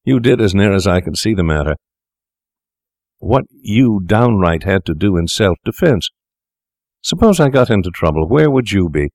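A man voicing a calm, sinister young male doctor who talks persuasively and lectures his accomplice. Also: sits low, no room sound, clean studio sound.

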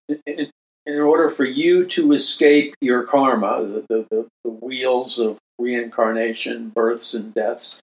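An older man, a Christian speaker and author, preaching in a slow, emphatic monologue and repeating phrases for stress. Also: mid-range voice. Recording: roomy echo.

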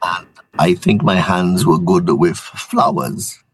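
Deep husky man from Saint Lucia. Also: slow pace, no room sound, poor audio. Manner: relaxed storytelling, many restarts. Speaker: guest entrepreneur. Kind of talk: interview answers.

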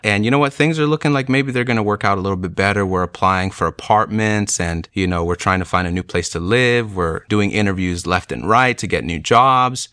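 A young man recounts his personal testimony in an earnest storytelling manner. His voice sits very low yet carries a bright, forceful edge. The sound is dry and close, with no room around it. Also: smooth, no echo. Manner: earnest storytelling, speeding up and slowing down.

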